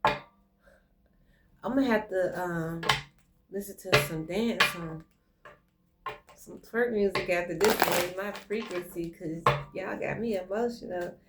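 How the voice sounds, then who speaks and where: A woman's voice: lowish voice, slow pace, long pauses, heavy background noise. A woman giving a casual online tarot reading, effusive and speaking straight to the viewer. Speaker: tarot reader. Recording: music playing clearly behind her voice.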